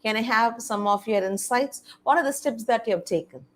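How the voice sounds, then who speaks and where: A woman from India, speaking on an innovation policy panel, gives an online presentation to faculty and students. She explains things step by step in a fairly high voice at a fairly quick pace, often pausing on "okay" and "all right."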